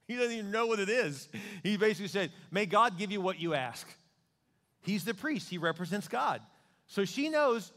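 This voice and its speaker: Pastor, male, high-ish voice, lively preaching style, acts out voices, long hall reverb. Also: moderate pace. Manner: animated preaching, acting out voices of God and people praying. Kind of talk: sermon.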